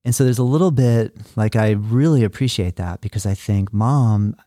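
Low, mellow middle-aged male host. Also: moderate pace, no echo, clean studio sound. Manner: rambling, earnest, many fillers and restarts, shifting pace. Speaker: podcast host. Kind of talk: casual interview chat.

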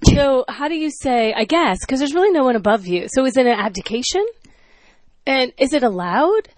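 A woman's voice: high-pitched, expressive, moderate pace, dry recording. A woman hosting a podcast, chatting casually in a teasing way and laughing often. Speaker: podcast host. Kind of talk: casual chat.

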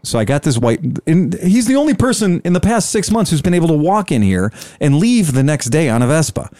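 A man's voice: on the high side, very animated, a little fast, darkish tone, no room sound, clean studio sound. A man telling a long sales story in casual chat, acting out both sides of the conversation. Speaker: scooter dealer telling a story.

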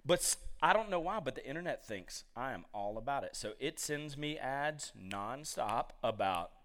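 A male preacher giving a sermon to a live congregation, telling stories in an animated, jokey way with many asides. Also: mid-range voice, normal speed.

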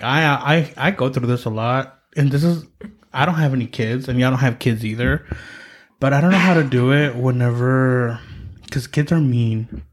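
A young man hosting a podcast, talking candidly in casual chat and rambling with many fillers. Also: mid-range voice. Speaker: podcast host.

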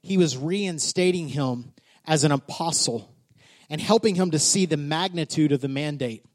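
Brief: male pastor, high voice, animated sermon storyteller. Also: normal speed. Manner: animated storyteller, builds to shouting.

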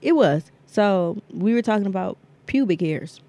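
A woman's voice: medium pitch, measured pace. Blunt, profane woman. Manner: blunt, profane storytelling with lively quoted voices. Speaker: podcast co-host. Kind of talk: casual storytelling chat.

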